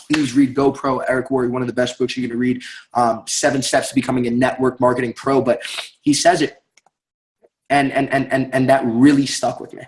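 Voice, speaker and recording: A young man giving an energetic motivational sales talk, emphatic and fond of tagging lines with "right?". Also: medium pitch, slight background noise, low-quality recording. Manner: energetic, emphatic, repeats words and asks "right?". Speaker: network marketing speaker.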